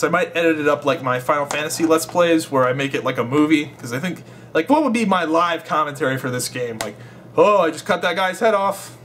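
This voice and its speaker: A man's voice: a little high, fairly bright tone, a little hiss or hum. A young man telling a rambling, swear-filled story in a casual vlog. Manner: rambling, swears a lot, laughs while telling. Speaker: gaming vlogger.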